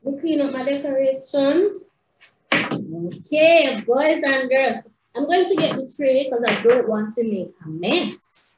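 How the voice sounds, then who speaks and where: A woman teaching young children in a sing-song, excitable way, recorded indoors. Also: high-pitched, takes it slowly, noisy background. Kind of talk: animated lesson for young children. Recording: roomy, slightly dull home video.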